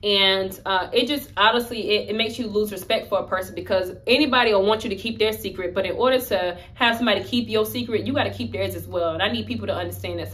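A woman's voice: mid-range voice, a bit bright. Emphatic young woman telling a story. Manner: candid, emphatic, conversational. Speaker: vlogger. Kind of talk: story-time vlog.

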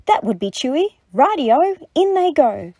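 A woman's voice: sits high, sing-song, slow pace, darkish tone, dry recording, pitched above the performer's own voice, heavily acted. A woman voicing a sly, boastful male dingo in a storybook reading, chanting in a gleeful sing-song.

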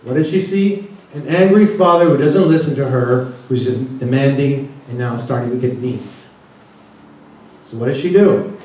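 A man's voice: mid-range voice, normal speed, darkish tone. A man giving a seminar talk to an audience, often putting questions to the room. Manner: asks the audience many questions. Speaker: conference speaker. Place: large conference room. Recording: echoey room, distant mic.

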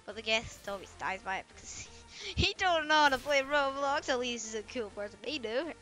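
A woman chatting through a video game, excitable and often bursting into startled screams as she talks to herself and the other players. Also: a little high, fairly quick, faint music behind. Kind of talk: casual gameplay commentary.

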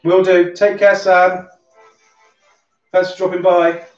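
A man's voice: sits high, little pitch movement, slow. A man with a light Somerset twang hosting a casual drink-along livestream, chatting in a rambling way and swearing offhandedly. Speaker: livestream host. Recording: roomy, distant, dull sound with music behind.

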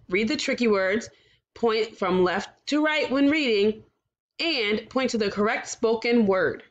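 A woman teaching a recorded phonics lesson to young children, sounding out vowels and letters clearly and encouraging them. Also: on the high side. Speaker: kindergarten teacher.

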